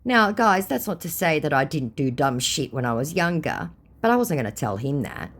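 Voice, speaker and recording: A sarcastic Australian woman recounting a chat with a scammer, mocking him as she reads her replies. Her voice sits low for a woman but swings widely in pitch. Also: big pitch swings, normal speed, slight background noise. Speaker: scam-baiter narrator. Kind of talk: reading out chat messages.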